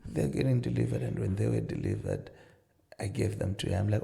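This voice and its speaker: A middle-aged man talks through marriage advice in a relaxed podcast conversation. His voice sits low with a heavy gravelly fry and a dark, mellow tone. He tells stories earnestly and acts out both sides of the dialogue. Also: brisk. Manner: earnest storytelling with many "you know" asides, acting out dialogue. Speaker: marriage counsellor and pastor, podcast guest. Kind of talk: casual advice-giving conversation.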